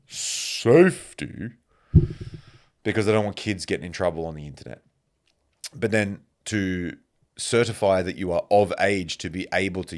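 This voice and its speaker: A man hosting a podcast, telling stories in a casual, animated monologue and swearing freely. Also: sits low. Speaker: podcast host.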